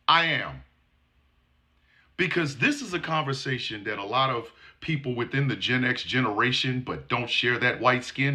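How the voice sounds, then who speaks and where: A man in his forties or fifties delivers a blunt, profane monologue in a sarcastic tone. His voice is bright and forceful, with wide swings in pitch. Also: expressive, unhurried. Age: 40s to 50s. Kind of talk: commentary monologue.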